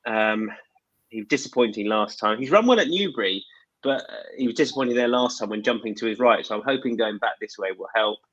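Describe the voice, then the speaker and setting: A man hosting a casual racing betting chat, speaking in a halting, self-deprecating way with plenty of fillers. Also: lowish voice, a bit bright, no room sound, dull audio. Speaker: host.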